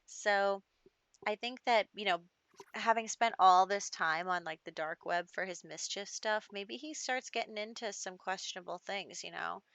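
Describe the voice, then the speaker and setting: A young woman talking through her game in a loose, chatty way, laughing and tossing in fillers. Her voice sits at an ordinary mid pitch. The desk mic sounds dry and close, with no room around it. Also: normal speed, fairly bright tone, dry recording. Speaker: gaming YouTuber. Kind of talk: casual gameplay commentary.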